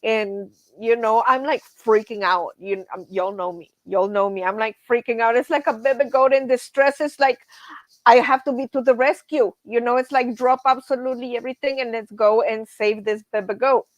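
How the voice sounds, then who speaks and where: Animated woman hosting a live stream. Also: on the high side, normal speed, no echo. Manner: animated storyteller, says y'all, laughs often. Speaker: livestream host. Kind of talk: casual live-stream chat.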